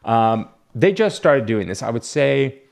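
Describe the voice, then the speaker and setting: A man with a mid-pitched voice that keeps dropping into a gravelly fry. He rambles casually and half to himself as a comic book dealer. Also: sing-song, a little slow, darkish tone. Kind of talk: casual unboxing chat.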